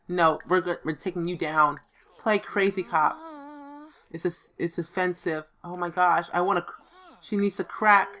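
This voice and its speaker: Steady and unhurried, with long pauses, a woman with a fairly low, fairly bright voice plays a life-simulation game as a let's play host. She chats casually, reading options out and voicing the characters playfully.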